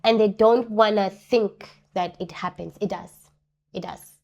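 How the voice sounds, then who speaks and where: A woman's voice: mid-range voice, measured pace, creaky, muffled recording. Woman, interview guest, personal testimony; mid-range voice, earnest, repeats lines for weight. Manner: earnest, repeats key phrases for emphasis; acts out other people's words in lively voices.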